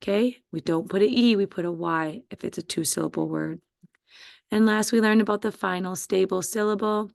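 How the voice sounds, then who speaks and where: A woman teacher giving a slow, patient spelling dictation to first graders. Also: medium pitch, gravelly, a little mellow, no echo, studio quality. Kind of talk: spelling quiz dictation for young students.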